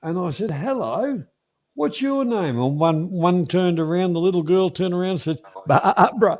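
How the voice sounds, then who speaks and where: A man's voice: high-pitched, lively intonation, normal speed, a little mellow. Teasing man hosting a stream. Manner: teasing and swearing. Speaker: host. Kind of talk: banter on a live stream panel.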